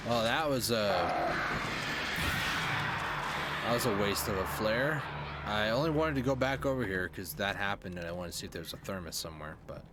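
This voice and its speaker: A man's voice: on the low side, animated, normal speed, long pauses. Young man, casual streamer commentary, joking, game noise under his voice. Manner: chatty, joking asides to viewers.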